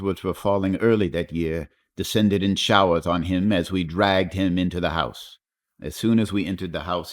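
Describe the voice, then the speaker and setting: A man narrating an audiobook reads a classic tale in a measured, literary style. His voice is very low and deep, and the scripted delivery stays steady.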